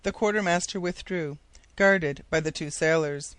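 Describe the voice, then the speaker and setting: A man narrating an audiobook in a measured, steady storytelling manner. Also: on the high side, smooth, no echo. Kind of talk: scripted narration.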